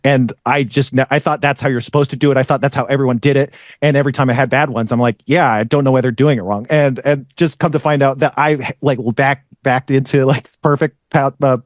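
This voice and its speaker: A young man hosts a podcast in loose, rambling chat, slipping into sarcasm and casual swearing. His voice sits at an everyday middle pitch. The sound is dry and close to the mic. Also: little pitch movement, fairly quick, hardly any pauses, no echo. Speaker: podcast host.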